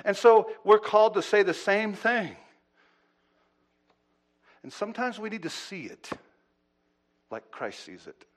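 A man preaching a sermon. His delivery swings between loud, urgent pleading and low, hushed asides, and he often repeats words as he restarts a thought. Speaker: pastor.

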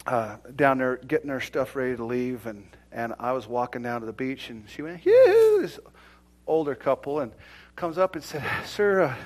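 A middle-aged pastor preaching a sermon in a conversational way, dropping to near whispers and rising to loud exclamations. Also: male voice, medium pitch, normal speed.

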